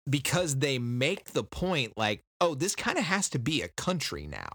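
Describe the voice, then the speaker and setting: A man co-hosting a podcast, recapping a book in casual chat and slipping into quick voices for the characters. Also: medium pitch, wildly swooping pitch, a bit bright, no room sound, clean studio sound. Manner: loose, joking, quotes characters in quick impressions.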